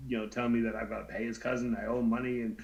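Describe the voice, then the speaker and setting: Man, thirties, casual chat, animated, stammers, plays out the voices in his story. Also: mid-range voice, racing, creaky, muffled recording. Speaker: co-host.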